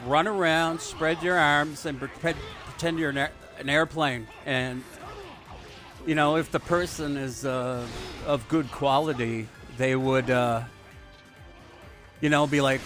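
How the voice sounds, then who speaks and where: A man who talks slowly and loosely about whatever pops into his head. He wanders off topic in a crude, offhand way, with faint music playing underneath. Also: on the high side, a bit bright. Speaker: gaming video host. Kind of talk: rambling let's play commentary.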